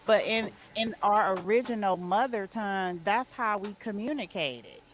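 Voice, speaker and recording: A woman in a casual group chat, blunt and unhurried, laughing between her points. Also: mid-range voice, animated, slight background noise, rough recording. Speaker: podcast participant.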